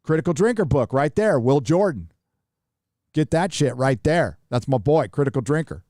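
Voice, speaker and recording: A man's voice: fairly high pitch, expressive, normal speed, a little mellow, no room sound, clean studio sound. A man hosting a live stream, chatting casually and reading out viewer donations in a rambling, profane way. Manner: rambling, profane, reads chat donations aloud.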